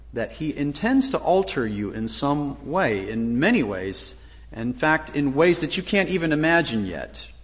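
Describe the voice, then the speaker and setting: A man preaches from the pulpit in an earnest, plain way, pausing on small fillers as he goes. His voice sits at an ordinary middle pitch. A long reverb trails behind him in a large hall. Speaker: pastor. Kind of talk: sermon.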